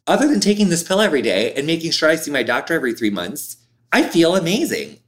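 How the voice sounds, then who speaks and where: A man in his thirties, an interview guest, talking candidly in an expressive, animated way with lots of "like". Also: a little high, fast talker. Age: 30s.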